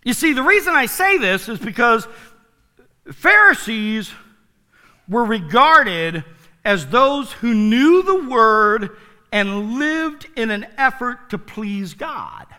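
A male pastor delivering a sermon in a church, his voice pitched very high and lively, moving up and down a great deal. He talks slowly and deliberately, swings from loud declarations to near whispers, and drops in playful asides to the congregation. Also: long reverb tail. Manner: dramatic swings from loud to hushed. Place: church sanctuary.

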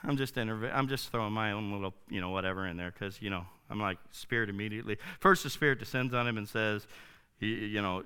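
A man preaching a sermon in a casual, enthusiastic, slangy way, swinging from loud to soft. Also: lowish voice, fast, clean tone. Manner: enthusiastic, informal, slangy, dramatic swings in loudness. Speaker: pastor.

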